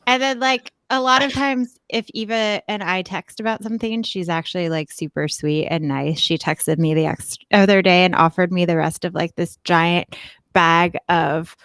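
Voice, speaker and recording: A woman's voice: on the low side, moderate pace, fairly bright tone, smooth, dry recording, studio quality. A young woman telling a rambling story casually on a comedy podcast, chatty and full of "like". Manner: chatty, rambling, upspeak-laden. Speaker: podcast guest.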